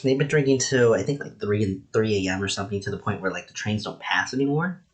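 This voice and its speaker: A man's voice: lowish voice, lively intonation, fast. A man casually reviewing anime episodes, rambling with lots of "like" and "you know".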